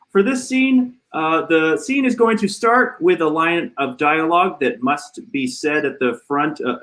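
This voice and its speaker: A man hosting an online improv comedy show, setting up a scene in a halting way with many fillers. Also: a little high, a bit bright. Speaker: improv host.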